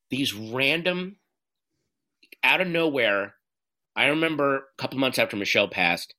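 A man with a bright, forceful voice speaks candidly as an interview guest. He talks in halting bursts, restarting his sentences and swearing as he works through his thoughts. His pitch sits in an ordinary middle range. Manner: earnest, halting, profane, animated retelling.

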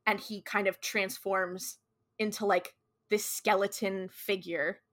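A woman's voice: medium pitch, level tone, slow, fairly bright tone. A woman co-hosting a podcast, retelling a TV episode in a chatty, slangy way full of "like". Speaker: podcast co-host. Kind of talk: casual episode recap.

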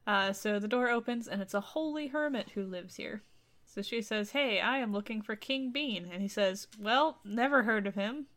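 A woman's voice: mid-range voice, normal speed, fairly bright tone. A woman co-host casually retelling a folk tale, with wry, sarcastic asides. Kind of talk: casual comedic storytelling.

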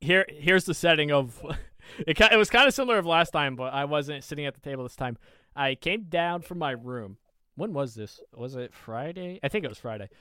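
A man co-hosting a podcast, telling an animated story in casual chat with many quoted asides. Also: fairly high pitch, brisk, smooth, no room sound, studio quality. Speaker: podcast co-host.

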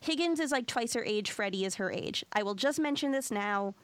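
A woman co-hosting a podcast, talking in a quick, chatty, animated way. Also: a little high, clean tone, no echo. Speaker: podcast co-host. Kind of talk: casual podcast chat.

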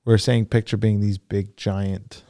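A man with a gravelly voice and a very dark, mellow tone talks in a laid-back, conversational way. His pitch stays flat and low. The recording is dry and close. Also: measured pace, dry recording. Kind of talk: casual conversation.

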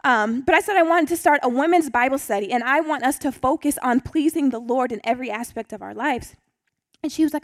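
A young woman with a lilt talks through a personal testimony in a chatty, um-filled way before turning to scripture for her Bible study. Her voice sits high. The sound is dry and close, with no room around it. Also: a little fast, dry recording. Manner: chatty, storytelling, frequent ums.

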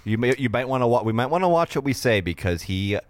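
A man's voice: mid-range voice, animated, fast talker. A man co-hosting a podcast, trading sarcastic, profane jokes in casual banter. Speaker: podcast co-host.

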